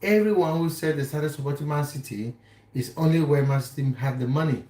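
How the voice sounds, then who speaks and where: A man's voice: a little high, a little fast, mellow. Chatty man live-streaming from his kitchen. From Cameroon. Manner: chatty, teasing, answering viewers by name. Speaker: livestream host. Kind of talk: casual live chat reading viewer comments. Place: home kitchen. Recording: echoey kitchen room.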